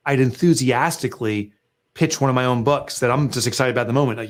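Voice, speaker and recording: Speaking at a quick pace, this middle-aged author is a guest talking business with lots of energy and emphasis. Along the way he performs sales pitches in spirited little asides.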